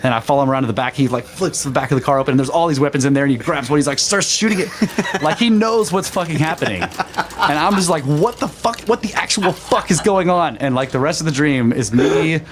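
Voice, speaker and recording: A man co-hosting a podcast in casual chat, rambling and swearing as he thinks out loud, laughing often. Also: on the high side, quick pace. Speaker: podcast co-host.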